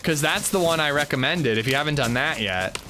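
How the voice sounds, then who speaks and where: A man livestreams a video game, rambling jokily and chatting casually with his viewers. His voice is on the high side with lively intonation and a fairly quick pace, with background noise present.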